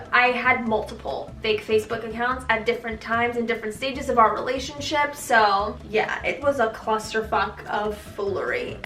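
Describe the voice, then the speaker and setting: A young woman from Tanzania tells a candid, sarcastic storytime vlog with plenty of slang and swearing. Her voice sits high and sounds bright and sharp. The room adds a noticeable echo. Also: distant mic. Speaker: vlogger. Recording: roomy echo, voice a bit off-mic.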